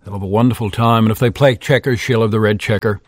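A man telling a children's story aloud, lively, with sound effects and cheers. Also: lowish voice, fast, dry recording, studio quality. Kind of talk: animated oral storytelling.

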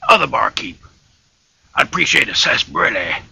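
A plucky frog leader with quiet, polite confidence, as a storyteller puts him on. His drawl sits lower than the narration and is raspy and bright. It is a storybook tale, told close and dry. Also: very animated, fairly quick, whispered, exaggerated voice. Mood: calm drawl.

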